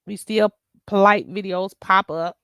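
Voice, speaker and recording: Middle-aged lady venting on her channel, gravelly voice, dry close mic, preachy. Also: mid-range voice, fairly even intonation, a little slow, a bit bright, no echo. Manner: emphatic, exasperated, preachy. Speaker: YouTube channel host. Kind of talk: casual vlog rant.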